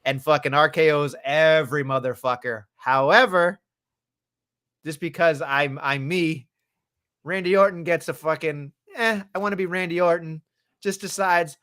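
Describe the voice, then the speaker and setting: A man's voice: a little high, steady tone, normal speed, a bit bright, clear, resonant tone. A man co-hosting a casual wrestling podcast, talking in an exasperated, profane way. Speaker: podcast co-host.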